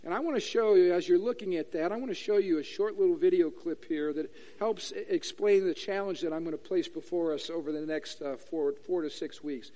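A man's voice: high voice, fairly quick, hardly any pauses, in a large hall. A man preaching a sermon to a church congregation, acting out questions in different voices. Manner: animated, acts out questions in voices. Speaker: pastor. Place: church sanctuary.

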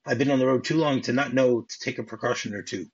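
Man reading pushy nosy traveler, husky voice, mildly indignant, dull muffled audio. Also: medium pitch, fast, darkish tone. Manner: read aloud from a script with mild indignation.

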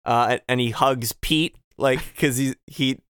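A man's voice: medium pitch, fairly even intonation, a little slow, a bit bright, clear, resonant tone. A young man co-hosting a podcast, recapping a game in a playful, jokey way. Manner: playful, jokey, fond of doing voices. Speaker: podcast co-host. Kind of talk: casual chat recapping a game.

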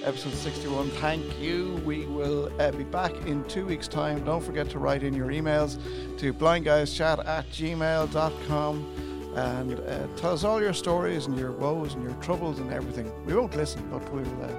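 Jokey male co-host over loud music. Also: on the high side, fairly even intonation, normal speed, vocal fry. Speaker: podcast co-host. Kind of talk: casual sign-off chat.

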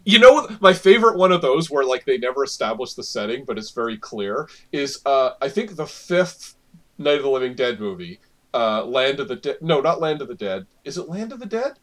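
A man's voice: medium pitch, lively intonation, moderate pace, a bit bright. A man co-hosting a casual podcast, rambling and correcting himself as he goes. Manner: rambling, self-correcting, frequent laughs. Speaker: podcast co-host.

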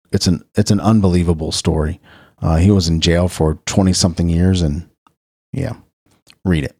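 Lively, chatty middle-aged male radio host. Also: on the low side, no echo, studio quality. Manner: rambling, self-correcting, chatty asides. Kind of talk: casual birthday and history rundown.

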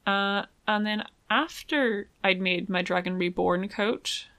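A young woman talks in a loose, rambling way, filling her sentences with ums and likes. Her voice is bright and clear. The sound is dry and close. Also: mid-range voice, takes it slowly, no room sound. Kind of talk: casual chat.

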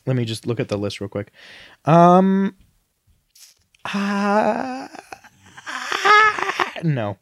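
An enthusiastic man chatting on a podcast, his voice sitting a little higher than most. He tends to repeat himself as he gets excited. The sound is dry and close. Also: extremely slow, gravelly, long pauses, dry recording. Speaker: podcast co-host. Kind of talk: casual chat.

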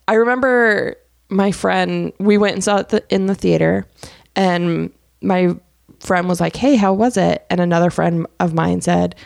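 A woman's voice: fairly low pitch, steady tone, unhurried, gravelly, darkish tone, no echo, clean studio sound. A woman co-hosting a podcast, chatting casually and animatedly about a basketball game she watched, laughing often. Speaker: podcast co-host.

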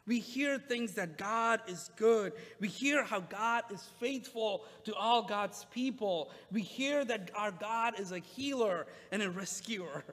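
A male pastor preaching a sermon in a relaxed, conversational way, with frequent "uh" fillers. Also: high voice, slow pace, hardly any pauses, in a large hall.

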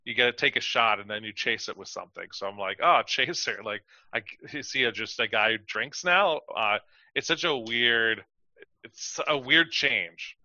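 A man's voice: medium pitch, normal speed, sharp tone, no echo, lo-fi sound. A man co-hosting a podcast, chatting casually and rambling with lots of fillers and acted-out quotes. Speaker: podcast co-host. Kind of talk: casual chat.

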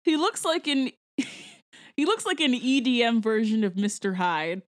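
A woman from Jamaica with a fairly high voice, co-hosting a casual movie-review chat. She talks loosely and chattily, full of "like" and quick asides. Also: noisy background. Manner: chatty, lots of "like" and laughter.

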